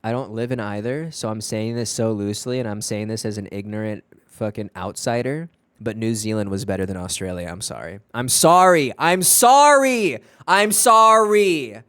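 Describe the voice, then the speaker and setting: A man streaming from home, chatting casually with viewers in a rambling, profane, animated way. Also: on the low side, a little fast, hardly any pauses, clear, resonant tone, no room sound.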